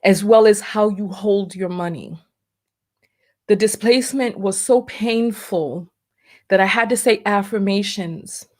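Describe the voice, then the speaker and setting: A woman's voice: medium pitch, a little slow, a little mellow. A middle-aged woman vlogger talking emotionally about her past business and her book, fighting back tears and repeating herself. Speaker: vlogger and entrepreneur. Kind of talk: emotional personal vlog.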